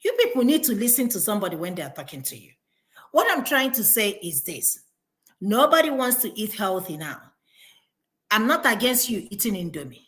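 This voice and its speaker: Animated Nigerian woman telling stories. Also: medium pitch. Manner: storytelling, animated, mimics people. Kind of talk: casual panel discussion.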